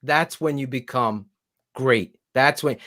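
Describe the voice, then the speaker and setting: A man's voice: mid-range voice, takes it slowly, fairly bright tone. A man hosting a casual sports podcast, talking bluntly and emphatically, with some swearing. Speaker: podcast host.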